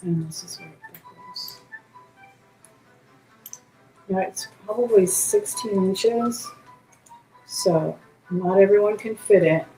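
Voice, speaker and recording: A woman runs a live jewelry auction and talks warmly and casually while she turns each piece over in her hands. Her voice rings a little in an echoey indoor room. Faint music plays underneath. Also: mid-range voice, slow, pauses often. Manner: chatty, describes pieces while handling them. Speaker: auction host. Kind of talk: live-stream jewelry sale. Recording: roomy echo, faint music behind.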